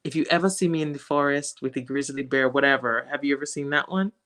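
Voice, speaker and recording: Animated woman guest, laughs easily. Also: a bass voice, quick pace. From West Africa. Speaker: guest, social media creator. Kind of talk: casual interview chat.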